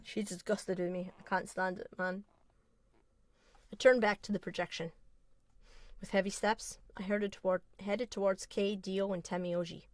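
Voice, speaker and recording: A woman's voice: medium pitch, flat delivery, normal speed, dry recording. A young woman streamer who reads game text aloud in a let's play, breaking off often for chatty, self-deprecating asides.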